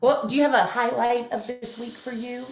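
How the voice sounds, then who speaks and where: A woman in her sixties co-hosting a casual home video-call show, playful and quick to laugh. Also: fairly high pitch, little pitch movement. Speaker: co-host. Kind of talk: casual chat. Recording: echoey room.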